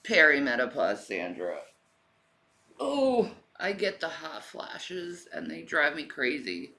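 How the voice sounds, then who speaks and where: A woman in her forties talks slowly to her stream viewers. She is out of breath and sighs between remarks. Her pitch swings widely as she coos over her cat. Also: sing-song, creaky, bright, forceful tone. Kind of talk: casual livestream chat.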